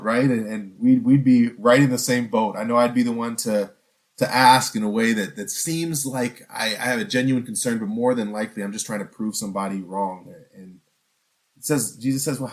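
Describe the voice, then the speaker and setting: A male pastor delivering a sermon in a mid-range voice. He talks earnestly and conversationally, posing questions to his listeners and often restarting his phrases. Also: medium pitch.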